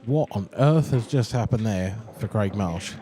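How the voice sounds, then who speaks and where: A man's voice: on the low side, lively intonation, measured pace, warm tone. A man co-commentating on a live pool match, explaining shots and positional play in an analytical way.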